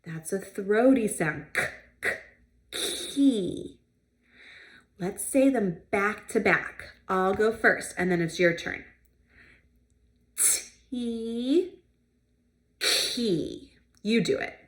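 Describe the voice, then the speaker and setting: A woman speech therapist leading a children's sound practice lesson, modeling sounds clearly and giving encouraging praise. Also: medium pitch. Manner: slow, clear modeling of sounds with pauses for kids to repeat.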